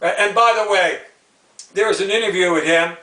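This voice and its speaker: A man's voice: high voice, normal speed, pushed and bright, recorded from a distance. A man from Canada giving a blunt, rambling, heated rant on a live video, repeating himself and restarting his sentences. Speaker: YouTube sports commentator. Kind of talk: live unscripted sports rant. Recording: echoey room, voice off-mic.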